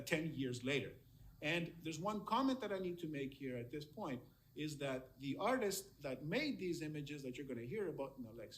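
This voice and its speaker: Animated man giving a history lecture. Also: a little high. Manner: admiring, emphatic, repeats words for stress.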